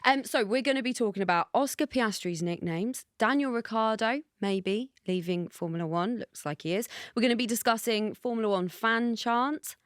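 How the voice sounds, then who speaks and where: Woman, podcast co-host, bubbly, chatty, higher voice, dry close sound. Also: normal speed, hardly any pauses, clean tone, dry recording. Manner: bubbly, chatty, laughs easily. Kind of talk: casual chat.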